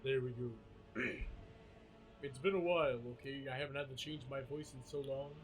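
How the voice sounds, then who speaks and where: A streamer putting on an exaggerated deep, smooth radio-announcer voice, drawling as low and manly as he can during a live game stream. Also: fairly even intonation, moderate pace, faint music behind, natural voice. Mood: mock-serious.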